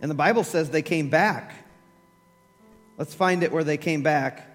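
A man preaching a sermon, telling scripture stories with animated acted-out voices and laughter. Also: a little high, unhurried, big-room sound, soft background music.

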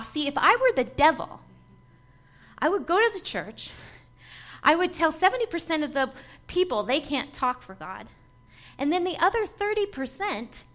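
A woman's voice: high voice, a bit bright. A woman preaching a sermon to a congregation, emphatic and rhythmic, building points through lists and repetition.

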